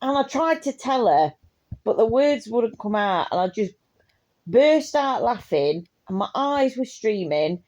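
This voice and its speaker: A woman's voice: on the high side, sing-song, measured pace, darkish tone. A young woman tells a casual storytime anecdote, laughing often and swearing freely. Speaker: vlogger.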